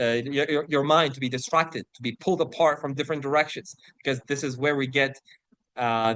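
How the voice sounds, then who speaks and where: A man teaching an English vocabulary lesson, who explains words, reads example sentences aloud slowly and keeps checking in with "right?". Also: medium pitch, a bit bright, dry recording. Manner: slows to read example sentences and passages aloud.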